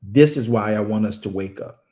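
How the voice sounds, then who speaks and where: A man's voice: fairly low pitch, moderate pace, warm tone. Emphatic man delivering impassioned commentary. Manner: emphatic, repetitive, stammers on restarts. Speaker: ministry speaker.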